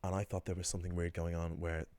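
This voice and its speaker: Low-voiced man teaching casually. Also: little pitch movement, quick pace, a little mellow, no echo. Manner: chatty, rambling, frequent ums and self-corrections. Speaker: Irish language teacher. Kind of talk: casual explanatory lesson.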